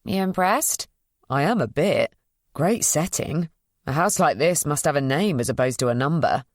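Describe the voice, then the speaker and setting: A woman voicing Luke, a friendly, easygoing young doctor who is curious and polite and talks gently. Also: a little high, expressive, moderate pace, dry recording, studio quality.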